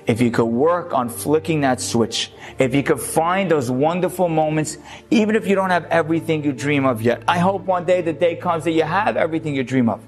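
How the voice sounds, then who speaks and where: A man's voice: on the high side, fairly quick. A man giving a short Torah lecture as a rabbi, telling a story with energy and then urging his listeners in earnest.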